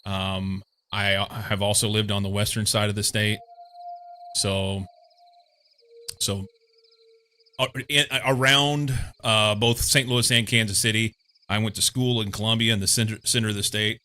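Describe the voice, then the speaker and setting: A man's voice: lowish voice, fairly even intonation, a little slow, long pauses, sharp tone. A young man from Missouri streaming a game, chatting casually and rambling with lots of fillers. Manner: rambling, meandering, many fillers. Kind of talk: casual chat while playing a game.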